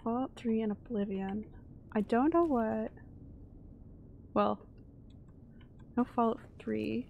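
A young woman from Canada chatting and reacting loudly while streaming a game. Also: on the high side, slow, vocal fry, pauses often, narrow, tinny audio, slight background noise. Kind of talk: live game stream commentary.

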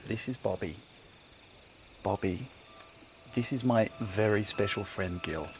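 A man's voice: medium pitch, lively intonation, moderate pace, slight background noise, lightly acted. A man playing a gushing, chatty guest. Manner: effusive, chatty. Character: gushing man introducing his new partner.

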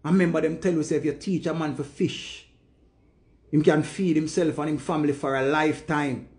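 Grieving Jamaican man, higher voice. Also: fairly even intonation, fairly quick, darkish tone. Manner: emphatic, repetitive, speaks in Jamaican patois. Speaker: vlogger. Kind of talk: emotional monologue to camera.

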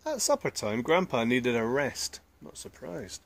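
A man's voice: mid-range voice, big pitch swings, a little slow, creaky. A man reading a children's picture book aloud, adding chatty asides to the listeners. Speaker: storyteller.

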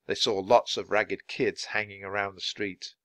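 A man reading a children's storybook aloud in a clear, measured way for learners. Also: on the low side, fairly even intonation, a bit bright, no echo. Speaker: storybook reader. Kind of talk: children's book read-aloud.

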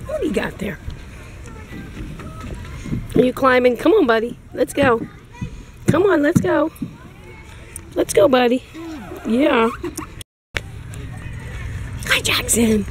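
A woman's voice: sits high, very animated, takes it slowly, pauses often, background noise. A mother filming her toddler outdoors at a playground, coaxing him along in sing-song baby talk. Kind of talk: home video chat.

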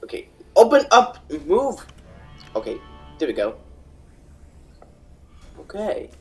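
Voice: mid-range voice, huge pitch swings, takes it slowly, faint music behind, full character voice. A performer voicing a jumpy, cheeky boy who swears and panics easily, in a real-time game fandub. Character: cheeky young boy sneaking through a mall.

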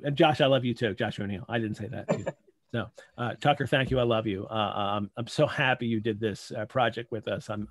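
Man, gravelly, choked-up thanks. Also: medium pitch, dry recording. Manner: heartfelt, halting, many restarts. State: holding back tears. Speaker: host. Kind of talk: emotional closing remarks on a live video call. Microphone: video call.

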